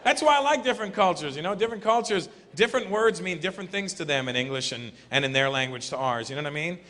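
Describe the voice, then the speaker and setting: A man doing stand-up comedy to a large live audience, loud and animated, slipping into mocking voices. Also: on the high side, quick pace. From Canada. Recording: echoey live hall recording with crowd noise.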